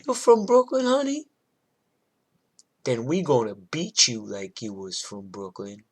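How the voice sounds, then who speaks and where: A man's voice: medium pitch, lively intonation, a little slow. A man voicing a big, tough neighborhood matriarch with a cool, menacing drawl.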